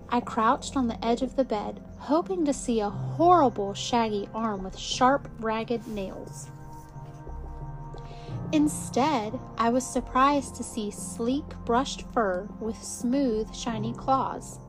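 Woman reading a kids' picture book, expressive, slow and steady, higher voice, faint music behind. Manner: expressive, lively character reading. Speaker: storyteller. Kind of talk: children's picture book read aloud.

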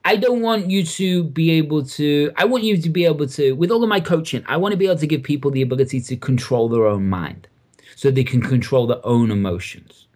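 Enthusiastic English man, higher voice. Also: fairly quick, a little mellow. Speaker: mindset coach, guest. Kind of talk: podcast interview.

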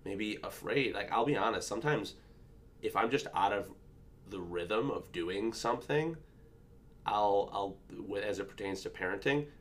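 A man's voice: lowish voice, slight background noise. A man in his thirties, a father, chatting casually and reflectively about parenting, telling stories with frequent restarts. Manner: reflective, storytelling, halting restarts. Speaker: podcast co-host, father. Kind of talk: casual chat.

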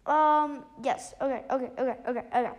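High-voiced woman recapping a book haltingly. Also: fairly even intonation. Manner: halting, many restarts and fillers. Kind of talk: casual spoken book recap.

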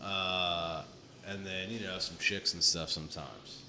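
A man's voice: sits low, fairly even intonation, unhurried, bright, forceful tone, slight background noise. A man co-hosting a podcast, profane and incredulous, rambling in casual banter. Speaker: podcast co-host.

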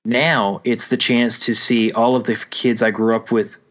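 On a casual podcast, a co-host spins long rambling tales and keeps correcting himself. His voice is medium-pitched and fairly bright, level in tone and a little slow, recorded with dull lo-fi quality.

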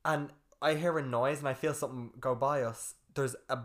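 A young man, co-hosting a casual podcast chat, telling stories fast and swearing freely. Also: mid-range voice, fairly even intonation, a bit bright. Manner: fast storytelling, swears a lot, acts out his own quotes. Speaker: podcast co-host.

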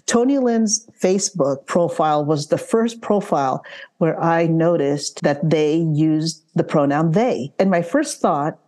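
Woman, podcast host, low voice, heartfelt, repeats words, laughs. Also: lively intonation, a little slow. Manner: stammering restarts, warm questioning, laughs. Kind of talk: heartfelt conversational interview.

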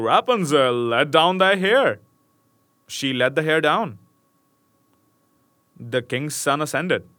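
A man's voice: medium pitch, pushed and bright, dry recording. A young man casually reading a fairy tale aloud, stopping to joke and chuckle between passages. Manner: laid-back, joking, chuckles between asides. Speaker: storyteller.

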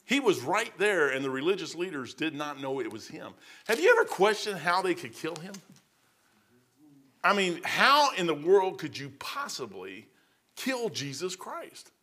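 A man in his fifties or older preaches an informal, rambling, conversational sermon, losing his place in his notes. His fairly high voice swings widely in pitch and sounds sharp, and he acts out the people in his stories with quick changes of voice.

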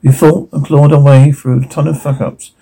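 Male, adult, series drama: a blunt, foul-mouthed misfit with a dark, raspy, gruff delivery. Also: fairly high pitch, flat delivery, moderate pace, poor audio. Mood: fed up. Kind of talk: television drama dialogue.

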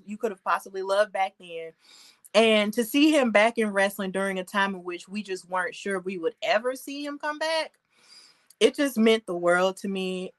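A woman in her thirties co-hosting a wrestling aftershow, chatting in an animated, gushing way with lots of fillers and laughs. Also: mid-range voice. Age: 30s. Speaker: aftershow co-host. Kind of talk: excited casual chat.

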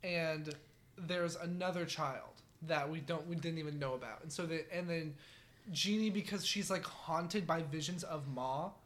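A man's voice: a little high, unhurried, a bit bright. A man co-hosting a podcast, telling a crude story in casual chat, often giggling and rambling. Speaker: podcast co-host.

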